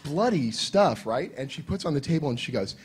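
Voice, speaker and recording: A man's voice: fairly high pitch, expressive, brisk, a little hiss or hum. A man sharing wry, joking stories on a convention panel, sometimes with casual swearing. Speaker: comic writer and panel co-host. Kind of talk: casual storytelling.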